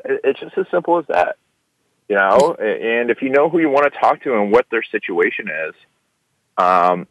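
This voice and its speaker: A man's voice: medium pitch, moderate pace, dry recording. A man being interviewed as a guest speaker, chatting casually and acting out quoted dialogue as he tells stories. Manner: animated storyteller, acts out quoted dialogue. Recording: dull lo-fi dry sound.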